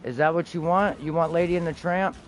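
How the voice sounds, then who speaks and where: A laid-back young man talks loosely on a game stream, trailing off and cursing now and then. His voice sits a touch high, and a faint hum of background noise runs under it. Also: steady tone, brisk. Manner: laid-back, swears casually, trails off mid-sentence. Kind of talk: casual gaming stream chat.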